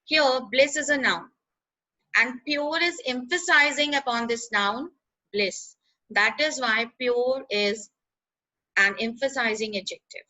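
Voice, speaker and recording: A woman explaining grammar in a lesson, pausing with "uh" and checking in with "right?". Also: high-pitched, sharp tone, poor audio. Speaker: teacher.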